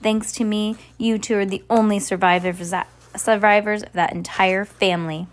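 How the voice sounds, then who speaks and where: A woman's voice: medium pitch, fairly even intonation, moderate pace, lightly acted. A woman reading aloud, voicing a scheming, sneering villainous man from a storybook. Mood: boastful. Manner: sneering, boastful.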